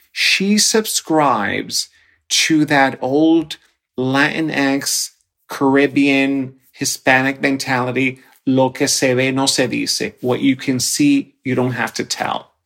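Man, 40s, candid personal storyteller, mid-pitched, open and expressive. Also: takes it slowly, creaky. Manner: candid, expressive, animated when quoting himself. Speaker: guest storyteller.

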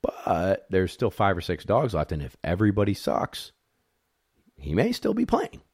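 A man who handles retriever dogs, telling a competition story in a casual, animated way, acting out the dogs and judges, blunt and swearing a little. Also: deep voice, moderate pace, breathy edge, no room sound, studio quality.

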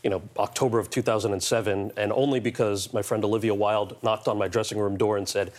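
A man in his forties, a guest on a talk show, telling stories quickly and animatedly, often laughing. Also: on the low side, steady tone, darkish tone. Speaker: guest actor and author.

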